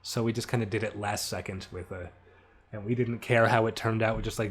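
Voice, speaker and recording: A man's voice: fairly low pitch, steady tone, a little fast. A young man giving a casual creator commentary on his own animation, offhand and self-mocking, often laughing and swearing.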